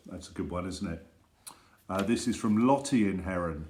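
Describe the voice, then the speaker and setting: A man leading a school assembly, telling funny stories and reading jokes to children in a gentle, teasing way. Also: sits low, normal speed, echoey room.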